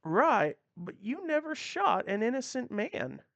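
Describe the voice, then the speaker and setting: A woman's voice: on the high side, big pitch swings, measured pace, vocal fry, a bit bright, dry recording, pitched above the performer's own voice, full character voice. A woman voicing a folksy older male sheriff with a frontier drawl. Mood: earnest.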